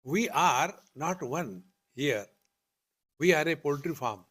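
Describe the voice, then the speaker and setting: An older man with an Indian accent gives a spiritual talk at an unhurried, measured pace. His voice sits a little high for a man, and he keeps circling back to the same questions. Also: animated, a bit bright. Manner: slow, deliberate, repetitive teaching with rhetorical questions. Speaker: spiritual teacher. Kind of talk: spiritual discourse.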